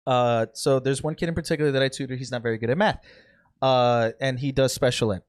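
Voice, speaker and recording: A man's voice: mid-range voice, steady tone, fast talker. A young man co-hosting a casual podcast, emphatic and laying out his points step by step. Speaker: podcast co-host. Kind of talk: casual group chat.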